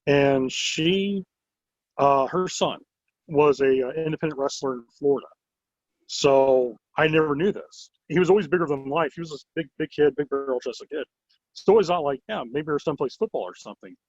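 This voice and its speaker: A man in an interview rambles through his stories with lively energy, leaning on "like" as filler. His voice sits a touch high for a man. The recording is dull and lo-fi with a dry, close sound. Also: moderate pace, no echo. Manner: animated, rambling, many "like" fillers. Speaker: wrestling promotion owner. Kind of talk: casual storytelling interview.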